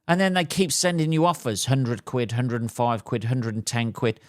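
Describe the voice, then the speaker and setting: A man, a podcast host and stand-up comedian, ranting casually and swearing, swinging between loud outbursts and mutters. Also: mid-range voice, lively intonation, normal speed, dry recording, clean studio sound. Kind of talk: casual solo podcast rant.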